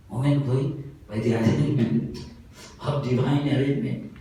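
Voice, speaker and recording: A monk giving a sermon, telling a story in a lively, animated way and often breaking into laughter. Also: male voice, mid-range voice, normal speed, long pauses, slight background noise. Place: festival hall. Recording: very echoey hall, voice from far off.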